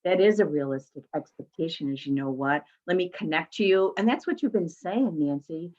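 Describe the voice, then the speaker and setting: A woman's voice: low voice, expressive, a little fast, darkish tone, muffled recording. A woman hosting an online talk, chatting in a reassuring, conversational way over a video call. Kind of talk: webinar conversation.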